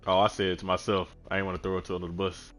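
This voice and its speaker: Male streamer, casual slangy commentary, low-ish bright voice. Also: flat delivery, very fast, soft background music. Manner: laid-back, slangy, laughs often. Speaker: gaming streamer.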